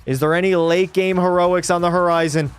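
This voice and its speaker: A young man narrates his hockey gameplay for his stream in a slightly raised voice. He moves quickly from play-by-play to loud disbelief at every goal against him. Faint game music runs behind him. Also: high-pitched, smooth. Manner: excitable, swings to frustrated yelling at the game. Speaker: gaming streamer. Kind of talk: live gameplay commentary.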